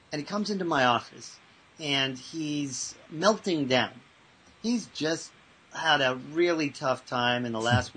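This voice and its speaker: A man who works as a mental toughness trainer, answering interview questions and telling lively anecdotes with acted-out voices. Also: mid-range voice, breathy edge, rough recording. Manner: animated, acts out voices in anecdotes.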